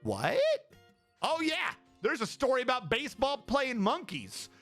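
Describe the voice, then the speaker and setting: A man with a high, bright, tense voice rambles in an excitable livestream chat. He swears freely as he goes, and faint music plays behind him. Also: measured pace.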